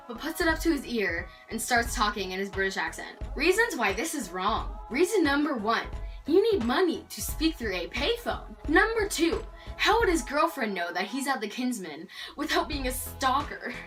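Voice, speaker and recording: A teenage girl from Canada telling a story in a lively vlog, acting out what people said. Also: high voice, normal speed, recorded from a distance. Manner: animated storytelling, acting out quotes. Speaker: vlogger. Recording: voice off-mic with loud background music.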